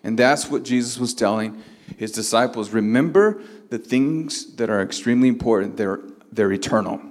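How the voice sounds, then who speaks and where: A man's voice: medium pitch, normal speed, big-room sound. A man preaching a sermon as pastor, stretching out key words and building to emphatic, rising lines.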